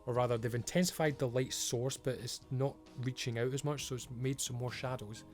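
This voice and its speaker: A man's voice: medium pitch, fairly even intonation, brisk, soft background music. A man giving an emphatic, frustrated rant as a video creator, swearing often. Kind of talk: ranting commentary.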